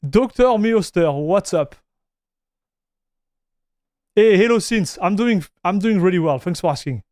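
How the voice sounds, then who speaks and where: Male streamer, casual chat host; raised pitch, close dry mic. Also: animated, unhurried, a little mellow, no room sound. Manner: chatty, greets viewers, reads chat aloud; frequent restarts and fillers.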